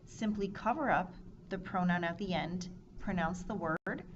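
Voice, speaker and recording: Woman teaching Spanish, lo-fi noisy recording. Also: lowish voice. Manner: clear, measured explanation with drilled verb forms. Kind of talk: scripted lesson narration. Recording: dull lo-fi recording with audible noise.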